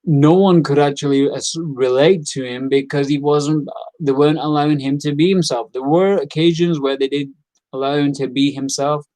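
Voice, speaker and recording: A man's voice: fairly high pitch, steady tone, normal speed, mellow, no room sound, poor audio. Rambling man reviewing wrestling. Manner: rambling, repeats himself, frequent fillers; acts out quoted lines in character. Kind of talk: casual opinionated review.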